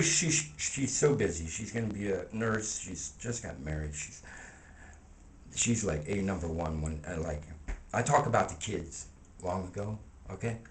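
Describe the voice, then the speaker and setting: A vlogger with a deep voice and lively intonation talks casually to camera at a moderate pace, rambling, using slang and often laughing. He sits far from the mic in an echoey room with faint ambient noise.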